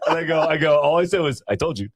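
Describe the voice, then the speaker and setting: A man co-hosting an advice podcast, telling stories in an animated way, swearing and calling people bro. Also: a little high, fast, very noisy. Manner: animated storyteller, swears a lot, says "bro". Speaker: podcast co-host. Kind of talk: casual chat.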